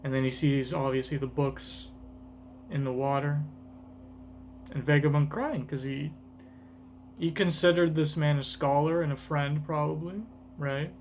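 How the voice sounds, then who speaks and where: A man's voice: on the high side, steady tone, measured pace, long pauses, darkish tone, slight background noise. A young man thinking aloud in casual reaction commentary, rambling with lots of fillers. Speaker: manga reaction host.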